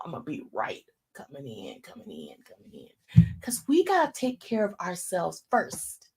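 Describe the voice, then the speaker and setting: A lowish, husky voice with vocal fry belongs to a woman in her fifties delivering a casual sermon. She tells her stories with animation and speaks to her listeners as y'all.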